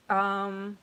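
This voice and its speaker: A woman's voice: mid-range voice, creaky, bright, forceful tone. A young woman giving a casual tarot reading to camera, rambling and emotional, with frequent swearing and fillers. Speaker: tarot reader.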